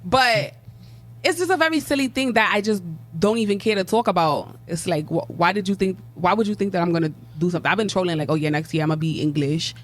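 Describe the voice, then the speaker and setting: A woman's voice: mid-range voice, fast. Brash young New woman rapper. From New York. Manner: brash, slangy, laughs often, swears freely. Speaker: rapper, interview guest. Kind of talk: casual interview chat.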